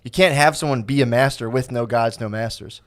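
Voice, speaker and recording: A man's voice: mid-range voice, fairly quick. An American man co-hosting a podcast, talking in a rambling, self-mocking way with many restarts. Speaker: podcast co-host. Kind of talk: casual podcast banter.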